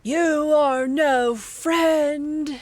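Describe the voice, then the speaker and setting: Woman playing a sorrowful cursed water creature in a tabletop game, slow and hushed, dry sound. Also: high-pitched, fairly even intonation, dry recording, voice pushed up. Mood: cold.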